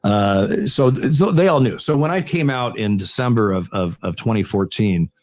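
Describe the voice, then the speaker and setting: An older man, a retired umpire, tells stories in an interview, halting and repeating words, with frequent chuckles. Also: on the low side, expressive, a little mellow. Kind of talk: conversational interview storytelling.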